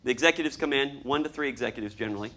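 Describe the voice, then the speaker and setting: A man giving a lively talk to an audience as a storyboard artist, acting out scenes as he explains them. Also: mid-range voice, rapid-fire. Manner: animated, acts out scenes and voices.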